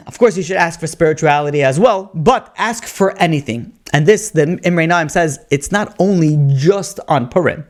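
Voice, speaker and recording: A man, a rabbi, giving a Torah lecture, telling stories with animated emphasis and weaving Hebrew and Yiddish terms into his English. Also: normal speed. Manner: animated storytelling, rising pitch for emphasis.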